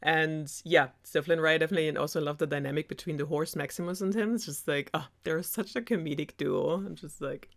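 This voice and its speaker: A woman's voice: low-pitched, fairly quick, creaky, hardly any pauses. Young German-accented woman, sarcastic and rambling, casual storyteller. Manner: sarcastic, rambling, giggly asides. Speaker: host. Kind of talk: sarcastic casual fairy-tale retelling.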